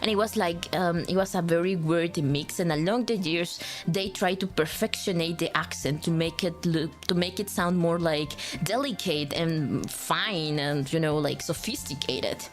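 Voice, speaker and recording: A woman's voice: fairly low pitch, normal speed, hardly any pauses, faint music behind. Spanish-accented woman, rambling casual chat. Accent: Latin American Spanish. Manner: rambling, with many fillers and self-corrections; joking and self-deprecating. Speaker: streamer.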